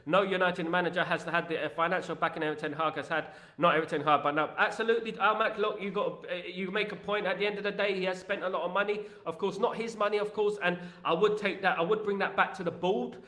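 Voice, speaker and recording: Animated man, echoey room. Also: high-pitched, fast talker, hardly any pauses. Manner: animated, rambling, emphatic, British slang. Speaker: football podcast host. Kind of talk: live-stream chat reading viewer comments.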